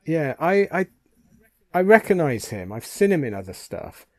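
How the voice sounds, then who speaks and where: Man, podcast co-host, mellow voice, dry sound, playful and jokey. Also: a little high, big pitch swings, normal speed, no room sound. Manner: playful, jokey asides, laughs often. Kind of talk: casual chat.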